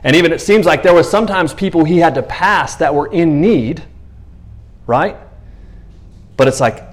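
A man preaching a sermon in a conversational, animated way, acting out the voices of the people in the stories he tells. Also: fairly high pitch, moderate pace, long pauses.

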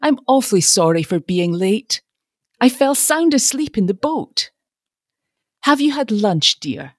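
A woman's voice: medium pitch, very animated, unhurried, no echo, studio quality, voice pushed up. A woman voicing an eager, breathless young woman.

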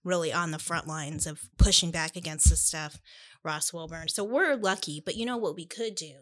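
A woman's voice: sits low, moderate pace, fairly bright tone. A middle-aged woman from Iowa, co-hosting a casual podcast chat, earnest and chatty with lots of fillers. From Iowa, United States. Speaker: podcast co-host, bookstore owner.

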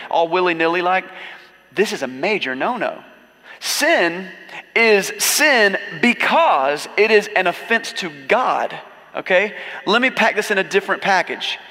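A man's voice: high-pitched, lively intonation, moderate pace, bright, forceful tone, long reverb tail. A man preaching a sermon as a pastor, in a casual, joking storytelling manner with acted asides.

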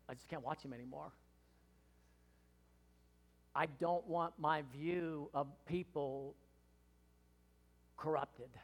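A man in his sixties preaching a sermon to his congregation, earnest and emphatic, rising to impassioned pleading. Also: on the high side. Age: 60s. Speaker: pastor. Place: church hall. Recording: long hall reverb.

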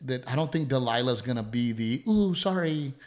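This brisk, middle-aged co-host of a casual talk-show podcast has a mid-range male pitch. His delivery is animated, he mimics others with little voices, and he curses freely.

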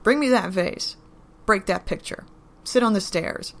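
A woman voicing a crude, aggressive, possessive male thug who talks in a loud, pushy, indignant way. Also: mid-range voice, measured pace. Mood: bossy.

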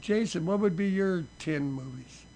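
A man's voice: high voice, expressive, moderate pace. A man in casual podcast chat, laid-back and dropping wry one-liners. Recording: clear background noise.

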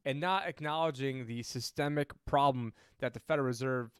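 Heated ranting podcast host, clear voice. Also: male voice, mid-range voice, fairly quick, fairly bright tone, no room sound. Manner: heated ranting, swears, mocks opponents; rambling with many fillers and restarts. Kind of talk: casual political and money talk.

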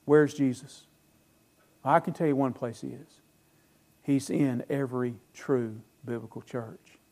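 A man preaching a sermon as pastor, emphatic, asking the congregation questions and answering them, his loudness swinging between phrases. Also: medium pitch, fairly even intonation, measured pace.

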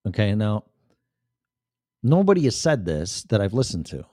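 A man's voice: lowish voice, sing-song, moderate pace, dark tone, no echo, clean studio sound. A man hosting a livestream in a casual ranting monologue, profane and rambling, with sudden shifts of voice. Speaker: livestream host.

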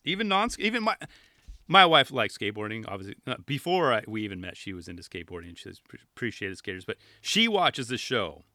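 A man's voice: lowish voice, sing-song, fast talker, bright, forceful tone, no echo, studio quality. A man hosting a podcast, chatting casually and joking as he flips through a magazine, with rambling asides and playful pleading. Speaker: podcast host. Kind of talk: casual chat reviewing a magazine.

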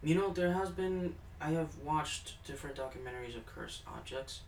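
A woman's voice: sits low, lively intonation, moderate pace, creaky, a little mellow, far from the mic. A woman co-hosting a casual podcast, chiming in with short, blunt reactions and swearing freely. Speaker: podcast co-host. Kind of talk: casual chat. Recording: echoey room, off-mic, faint hum.

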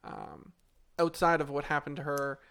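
A man's voice: fairly high pitch, flat delivery, normal speed, fairly bright tone, smooth. A man co-hosting a podcast, giving a blunt, opinionated take on a movie in casual chat. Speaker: podcast co-host.

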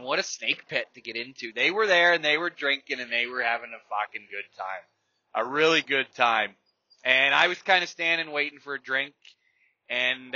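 Profane man ranting, bright voice. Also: mid-range voice, no echo. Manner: profane, blunt, rambling. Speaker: podcast host. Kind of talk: casual storytelling rant. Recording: dry, slightly dull lo-fi recording.

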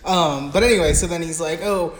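A man's voice: high voice, normal speed. A man co-hosting a podcast, recapping a film casually with lots of swearing and silly acted-out dialogue. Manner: crude, rambling, acts out film dialogue in silly voices. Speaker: podcast co-host. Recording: echoey room with noise.

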